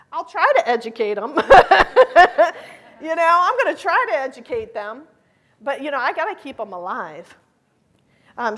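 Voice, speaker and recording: Woman, conference speaker, bright voice, slightly high, chatty, heartfelt, laughs often. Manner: chatty, with frequent fillers and laughter; heartfelt, emotional in places. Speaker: conference speaker and school founder. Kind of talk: conference talk.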